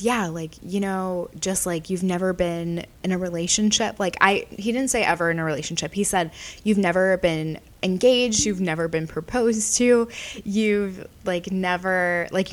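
A young woman podcast host telling a story in a casual, chatty way, constantly saying "like" and acting out quotes. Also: lowish voice. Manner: chatty, animated, heavy use of "like", quoting herself and others.

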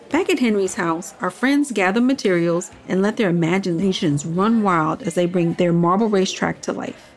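A woman's voice: lowish voice, normal speed, few pauses, a little hiss or hum. A woman narrating a children's story podcast and hosting the show. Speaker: narrator and host.

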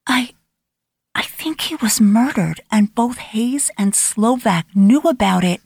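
A woman's voice: a little high, unhurried, creaky, a little mellow, dry recording, studio quality, pitched above the performer's own voice. A woman voicing a frightened young woman who speaks with urgency in an audiobook reading. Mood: anxious. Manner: urgent, breathless pleading.

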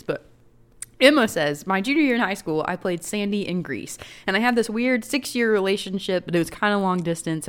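A woman's voice: lowish voice, clear, resonant tone. A young woman co-hosting a casual podcast, reading listener stories aloud in a chatty, giggly way. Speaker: podcast co-host.

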